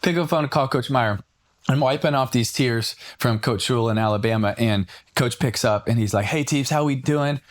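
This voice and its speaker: A man, a former college football star, telling an animated story as a podcast guest and acting out the people he quotes. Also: medium pitch, brisk. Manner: animated storyteller who acts out quoted voices.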